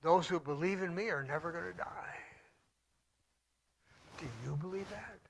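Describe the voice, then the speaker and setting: A man preaching a sermon, reading scripture slowly and solemnly and swinging between loud declaiming and hushed near-whispers. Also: high-pitched, creaky, a little hiss or hum.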